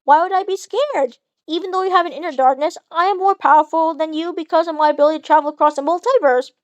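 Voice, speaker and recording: A woman's voice: extremely high pitch, fast, no echo. A woman reading the lines of a frightened male hero who nervously pleads with a villain, in a homemade fanfic reading. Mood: defensive.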